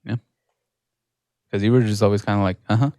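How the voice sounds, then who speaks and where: A young man co-hosting a relaxed podcast, with a lowish voice. He swears a lot and keeps slipping into quick impressions of the people he talks about. The sound is dry and close to the mic. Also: dry recording. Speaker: podcast co-host. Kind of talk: casual chat.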